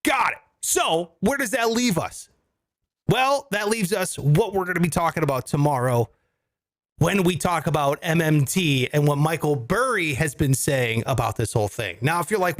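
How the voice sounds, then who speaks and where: A man's voice: on the high side, normal speed, dry recording. A man co-hosting a comedy finance podcast, explaining with jokes and casual swearing. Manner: animated, jokey, swears casually. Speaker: co-host.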